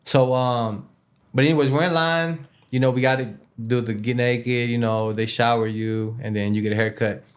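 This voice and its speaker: A man's voice: medium pitch, steady tone, moderate pace. Man telling a slangy, rambling prison story. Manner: loose street slang with Spanish words mixed in; rambling, with many fillers and repeated words. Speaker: interview guest. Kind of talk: casual storytelling.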